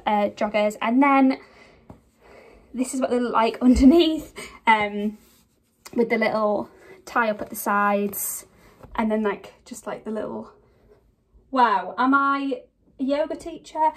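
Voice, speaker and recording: A young woman talks casually through a clothing haul, a little breathless. Her voice sits slightly high, and she chats in a giggly way full of fillers. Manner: chatty, giggly, lots of fillers. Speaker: vlogger. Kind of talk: casual try-on haul chat.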